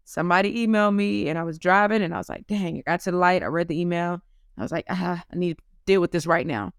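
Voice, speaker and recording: A woman in her thirties with a smooth, slightly low voice tells stories in a casual interview. She is lively and acts out the quotes in her stories. The sound is dry and close. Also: fast talker, dry recording. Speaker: business owner guest.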